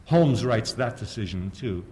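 An older man lectures an audience, his tone wry and sardonic. His pitch rises and falls freely as he pokes at his own examples. A faint hum of room noise sits under the voice. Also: animated, a little slow, mellow. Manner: sardonic, storytelling, asks the audience rhetorical questions. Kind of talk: public lecture.

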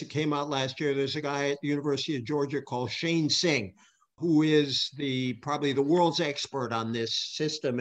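Man, guest on a radio interview, earnest, slightly higher voice, quick restarts. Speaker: guest author.

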